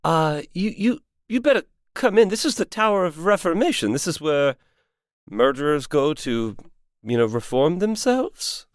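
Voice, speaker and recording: Man playing a fussy formal warden, swooping pitch, dry close sound, halting. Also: sing-song, no echo. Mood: polite.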